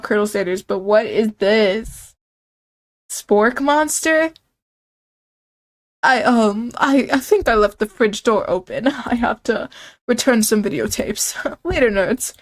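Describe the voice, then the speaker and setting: Girl streamer playing a weird story game, chatty and jokey, slightly high voice. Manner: casual, reactive, self-mocking. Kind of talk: game commentary reading dialogue.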